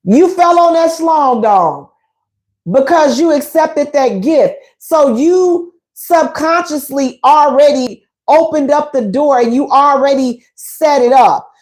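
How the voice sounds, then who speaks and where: A woman hosting a radio talk show with a high-pitched voice. She speaks frankly and colloquially, addressing her listeners directly. Her delivery is sassy and animated, with preachy, dramatic emphasis. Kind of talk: frank relationship talk to a live audience.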